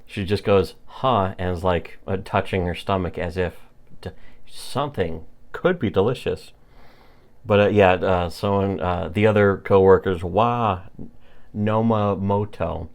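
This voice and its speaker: Low-voiced man, rambling podcast chat, halting with fillers. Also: darkish tone. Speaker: podcast co-host. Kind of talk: casual podcast chat recapping a comic.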